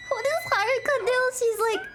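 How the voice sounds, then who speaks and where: A young woman streams herself reacting to clips in a very high, lively voice that swings up and down. She giggles often and mimics animal screams for fun, and the talk is unhurried. A steady noise sits under her recording. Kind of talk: casual stream reaction chat. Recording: noisy stream audio.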